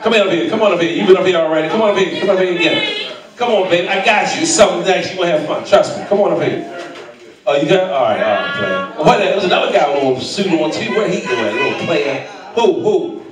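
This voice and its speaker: A man hosting a comedy show, teasing audience volunteers with loud, profane banter from a club stage. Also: high-pitched, sing-song, fast talker. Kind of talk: stand-up crowd work. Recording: echoey club, mic from far, loud crowd.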